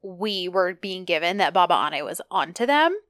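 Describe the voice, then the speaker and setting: A woman's voice: lowish voice, normal speed, no room sound. Casual female co-host, chatty recap, dry close sound. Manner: chatty, animated retelling with quoted lines. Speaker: podcast co-host.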